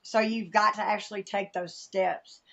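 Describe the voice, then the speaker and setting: Southern woman guest, candid and emotional storyteller, mid pitch, slightly dull recording. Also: fairly even intonation, normal speed, vocal fry. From American South. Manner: candid, emotional storytelling, acts out quoted voices. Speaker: podcast guest. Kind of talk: personal testimony in conversation.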